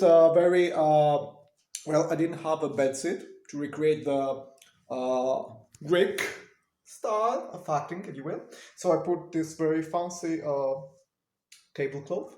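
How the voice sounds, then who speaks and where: A man's voice: a little high, dark tone. Man playing a pompous washed-up British stage actor. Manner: pompous, rambling, theatrical. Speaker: fictional actor being interviewed. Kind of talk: comedic mock interview monologue.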